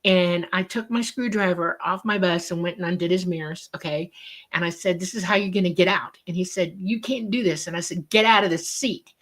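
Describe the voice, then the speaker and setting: A woman's voice: lowish voice, brisk. Woman, casual interview storyteller, acts out the quotes, remote call audio. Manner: lively storyteller who acts out quoted dialogue.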